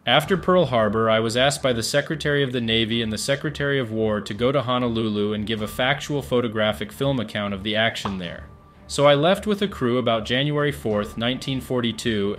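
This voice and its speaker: A middle-aged man with a mid-range voice and fairly bright tone speaks a little fast as he plainly recalls his wartime service as a filmmaker. His firsthand account is matter-of-fact, though he rambles a bit and restarts his sentences.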